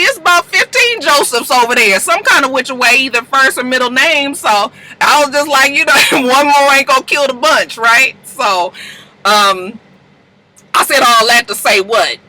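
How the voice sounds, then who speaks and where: Bright, brash woman recapping reality TV. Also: normal speed, low-quality recording. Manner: chatty and brash, swears freely, jumps to high-pitched outbursts. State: wired on coffee, talking fast. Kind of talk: casual rambling commentary.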